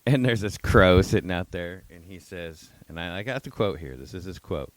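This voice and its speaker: A man's voice: low-pitched, moderate pace, no echo. A man co-hosting a podcast, telling casual, profane stories and acting out what people said. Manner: profane, animated storyteller acting out quotes. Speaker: podcast co-host. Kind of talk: casual storytelling chat.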